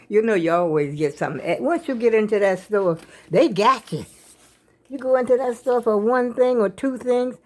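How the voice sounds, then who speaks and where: A woman's voice: fairly high pitch, normal speed, a little mellow. An older woman, chatting casually to her viewers in a rambling way, a bit out of breath. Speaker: vlogger. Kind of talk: casual vlog chat.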